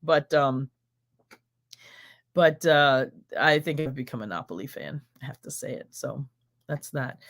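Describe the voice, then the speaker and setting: A woman's voice: extremely low pitch, lively intonation, unhurried, long pauses. A middle-aged American woman with an American accent hosts a live stream, chatting exuberantly and rambling through questions and stories. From United States.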